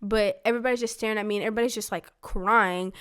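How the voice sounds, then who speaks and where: Smooth-voiced chatty young woman storyteller. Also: medium pitch, steady tone, very fast. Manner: chatty, fills talk with "like", acts out quoted lines. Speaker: daughter telling her story. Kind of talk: casual storytelling.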